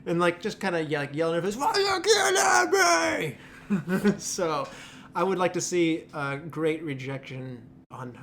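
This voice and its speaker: A man's voice: on the high side, moderate pace, a little hiss or hum. A man hosting a movie podcast in casual chat, laughing often and acting out quotes. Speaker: podcast host.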